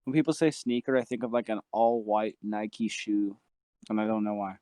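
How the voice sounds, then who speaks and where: A man's voice: on the low side, steady tone, normal speed, warm tone, clean tone, no echo. A man in casual chat with friends, making wry, dry remarks. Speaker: podcast co-host.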